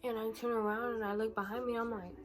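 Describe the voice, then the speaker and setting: Teenage girl telling an animated story. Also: a little high, fast, rough recording. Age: teens. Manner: animated retelling, acts out quoted dialogue. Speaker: vlogger. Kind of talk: storytime vlog.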